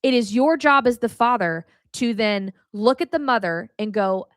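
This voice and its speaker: A woman's voice: fairly high pitch, lively intonation, normal speed, dry recording, studio quality. A woman hosting a podcast with a casual faith teaching, talking candidly and straight to the listener, swearing freely and speaking with emotion. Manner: talks straight to the listener, calls them honey. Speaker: podcast host.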